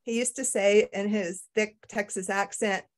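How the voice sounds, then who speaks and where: A woman's voice: mid-range voice, fairly even intonation. A middle-aged woman author being interviewed. She talks casually and candidly, pokes fun at herself and often stops to restart her sentences. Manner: candid, self-deprecating, halting with restarts. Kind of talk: casual conversation.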